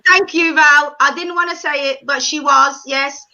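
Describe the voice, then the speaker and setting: A woman with a high, bright voice gossips bluntly on a casual panel. She stresses her points hard. The audio is dull and lo-fi. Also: steady tone, moderate pace. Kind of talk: casual panel chat about a reality show.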